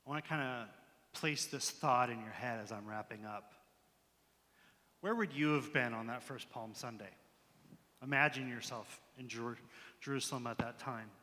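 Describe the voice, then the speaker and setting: A man's voice: medium pitch, moderate pace, pauses often, bright, forceful tone. A male pastor preaching and praying in a casual, conversational way in a church sanctuary. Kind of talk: sermon with prayer. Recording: long church hall reverb.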